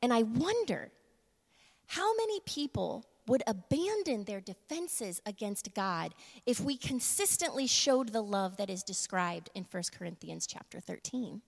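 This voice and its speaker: A woman giving a casual sermon, laughing often and moving between quick asides and slow, emphatic lines. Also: a little high, very animated, vocal fry. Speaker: church speaker. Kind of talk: casual sermon with humor and props. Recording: long reverb of a large room.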